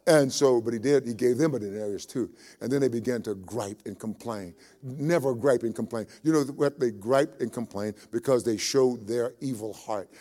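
Folksy preacher guy, middle pitch, says things twice for emphasis. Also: moderate pace, mellow. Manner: folksy, repeats phrases for emphasis. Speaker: pastor. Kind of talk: sermon.

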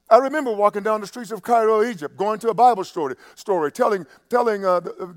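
A man preaching a sermon, halting and repeating himself in quieter stretches, building to loud, impassioned preaching. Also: sits high. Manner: halting, with many restarts and fillers.

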